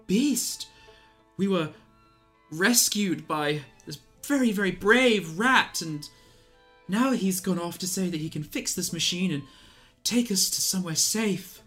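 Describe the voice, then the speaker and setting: A man's voice: high-pitched, a bit bright, voice pushed up, heavily acted. A man voicing a glum, nervous male squirrel traveler who stammers and hesitates.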